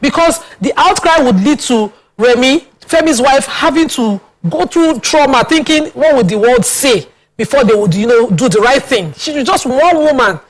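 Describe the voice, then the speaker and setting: A woman's voice: high-pitched, animated, normal speed, hardly any pauses. A woman hosting a talk show, speaking earnestly and sounding troubled. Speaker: host.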